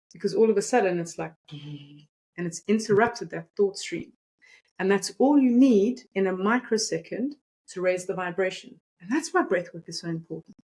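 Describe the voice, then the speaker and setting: A woman's voice: mid-range voice, a little mellow, poor audio. A woman energy coach explaining breathing and compassion techniques in a guided, instructive way. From South Africa. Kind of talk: teaching interview talk.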